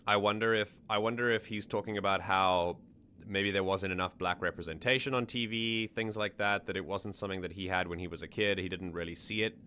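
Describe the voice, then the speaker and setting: A man's voice: low voice, steady tone, brisk, pushed and bright, a little hiss or hum. A man hosting a stream, casually analysing song lyrics and thinking aloud with restarts. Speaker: stream host.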